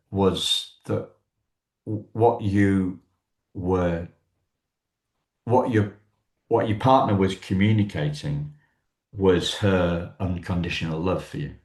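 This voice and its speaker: A man hosts an interview, groping for words with many halting restarts. He speaks very slowly in a somewhat low voice. The room gives his voice a noticeable echo. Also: darkish tone. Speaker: podcast host. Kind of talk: conversational interview.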